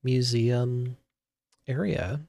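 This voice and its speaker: A man runs a tabletop game over an online voice call, slowly laying out each room with plenty of "uh"s in between. His voice is mid-pitched and drawn out, and the sound is dry and close with no room around it. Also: steady tone, creaky, darkish tone, no echo. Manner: unhurried, describing scenes with many fillers. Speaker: game master.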